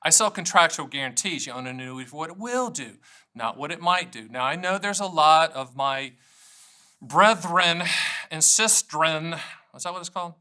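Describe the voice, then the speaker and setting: In a slightly high, pushed and bright voice, this middle-aged annuity agent from the United States talks briskly to the camera. He hosts a solo show, joking at his own expense and alternating gags with explanations in an energetic monologue.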